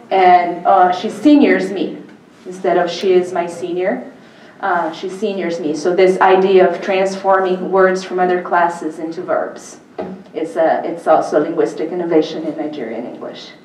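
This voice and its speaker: A woman's voice: on the low side, darkish tone, a little hiss or hum. A woman giving an academic lecture at a public symposium, speaking conversationally with frequent ums and uhs. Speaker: university lecturer. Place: lecture hall. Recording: echoey hall, mic from far off.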